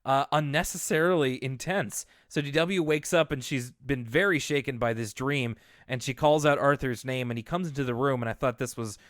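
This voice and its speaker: A man's voice: mid-range voice, moderate pace, hardly any pauses, fairly bright tone, no room sound, studio quality. Chatty young man recapping a cartoon. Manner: chatty, laughs easily, acts out quotes. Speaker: podcast co-host. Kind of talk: casual podcast chat recapping a cartoon.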